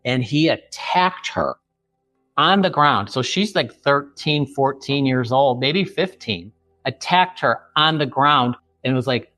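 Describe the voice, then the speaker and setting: Earnest halting man, low voice. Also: lively intonation, pushed and bright, no room sound, soft background music. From Chicago area. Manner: earnest, halting, many restarts. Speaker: author guest. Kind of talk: podcast interview.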